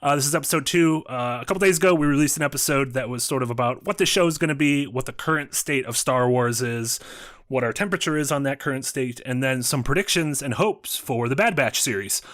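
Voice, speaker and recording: A man's voice: mid-range voice, brisk, fairly bright tone. A man hosting a casual panel discussion, upbeat and conversational as he steers the talk. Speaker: show host.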